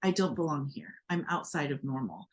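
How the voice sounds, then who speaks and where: With a low, expressive voice and a brisk pace, an American woman co-hosts a casual podcast conversation. Her speech is earnest and reflective, marked by many fillers and restarts.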